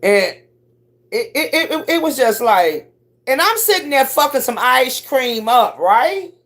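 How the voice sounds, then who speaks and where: A middle-aged woman telling stories on a casual livestream, cursing freely and leaping up in pitch when she acts out what people said. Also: unhurried. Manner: profane, animated storyteller who swoops up high for quoted voices. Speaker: live streamer.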